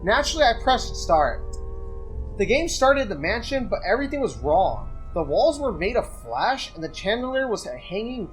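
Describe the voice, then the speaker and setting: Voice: mid-range voice, big pitch swings, moderate pace, faint music behind. A host reading joke horror stories aloud and breaking off for casual, profane commentary, with frequent laughter. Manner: casual, swears a lot, laughs often.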